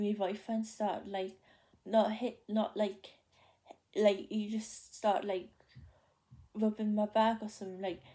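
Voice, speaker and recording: A woman's voice: medium pitch, mellow. A young woman with a Geordie accent telling a story to the camera in casual vlog chat, rambling with lots of fillers and restarts. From North East England. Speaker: vlogger.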